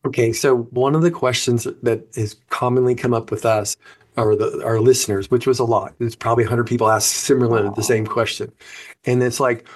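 A man hosting an interview, asking questions in a halting way and repeating words as he goes. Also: medium pitch. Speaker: host.

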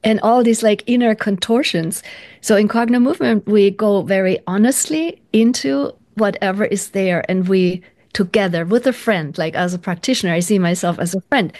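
A woman's voice: medium pitch, moderate pace, a little mellow. Earnest woman guest, reflective and searching, often restarts. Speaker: interview guest, practitioner. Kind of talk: reflective interview talk.

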